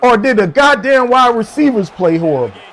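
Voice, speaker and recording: High-voiced, lively streamer ranting profanely. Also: male voice, normal speed. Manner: profane, rambling, laughing rants. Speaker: gaming livestreamer. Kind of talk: casual livestream chat.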